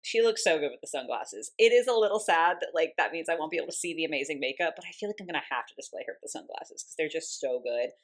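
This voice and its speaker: A young woman with a low, deep-set voice gushes her way through a casual doll review at home. She talks in a chatty, excitable way, full of "like"s, and often breaks off to coo softly at her cat. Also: fast, few pauses. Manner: gushing, chatty, many "like"s.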